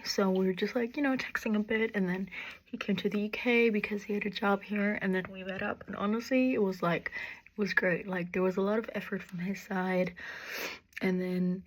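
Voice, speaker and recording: Breathy young woman, half-whispered storytime. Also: mid-range voice. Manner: soft, half-whispered casual chat. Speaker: storytime vlogger. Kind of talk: get-ready-with-me storytime.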